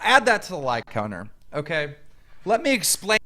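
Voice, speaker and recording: A man's voice: a little high, wildly swooping pitch, moderate pace, bright, forceful tone. A man ranting angrily and profanely, mocking the person he answers. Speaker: YouTube commentator. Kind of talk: heated rant.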